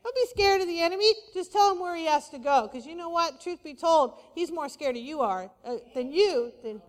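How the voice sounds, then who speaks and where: A woman pastor preaching a sermon, lively and conversational, with playful asides to the congregation. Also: extremely high pitch, a little fast. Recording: long hall reverb.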